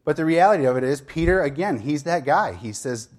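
A man's voice: fairly high pitch, expressive, brisk, darkish tone. A man preaching a sermon as a pastor, retelling a story in a conversational way with asides and light humor.

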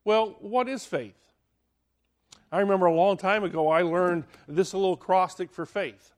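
A man with a high voice preaches a dramatic sermon at a moderate pace, swinging between loud and hushed delivery and putting questions to his listeners.

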